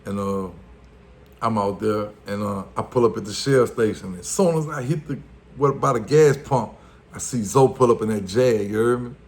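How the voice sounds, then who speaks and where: This Louisiana-accented man has a fairly low, somewhat mellow voice and talks at a normal speed. He's telling a casual story from his past, packed with street slang, filler words, and quoted lines he performs.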